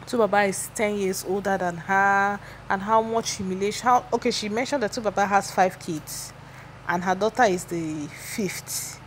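A woman's voice: mid-range voice, normal speed, a little hiss or hum. A woman giving a chatty, opinionated gossip recap, often restarting her sentences. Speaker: celebrity gossip vlogger.

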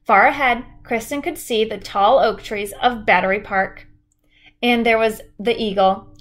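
Woman teacher, storybook reading aloud, steady, clear, a bit higher than most. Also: measured pace. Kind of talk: reading a children's chapter book aloud.

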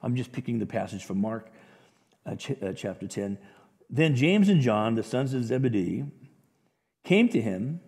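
A male pastor preaching a sermon, telling the story in an animated way and acting out the quotes with chuckles. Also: medium pitch, moderate pace, pauses often. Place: church sanctuary. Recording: long reverb of a large hall.

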